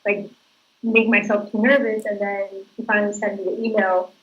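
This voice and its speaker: A woman's voice: mid-range voice, level tone, normal speed, muffled recording. A woman actress giving casual, chatty interview answers, laughing as she tells stories. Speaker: actress guest.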